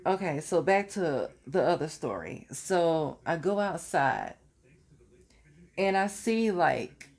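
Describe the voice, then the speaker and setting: A woman's voice: on the low side, lively intonation, slow pace, darkish tone. A young adult woman telling stories from her college years in a casual, chatty way, now and then laughing at her own story. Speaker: vlogger.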